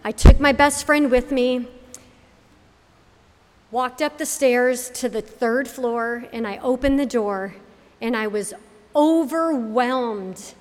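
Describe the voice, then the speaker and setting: A woman's voice: fairly high pitch, takes it slowly, long pauses, darkish tone. A middle-aged woman from Connecticut telling a personal faith testimony, acting out the voices of the people in her story. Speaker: speaker giving a faith testimony. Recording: hall reverb.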